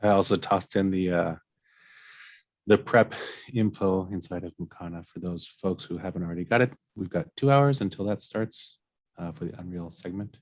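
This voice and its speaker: Low man with a dry close sound. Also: moderate pace, a little mellow, no room sound. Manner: playful, breaks into sung lines.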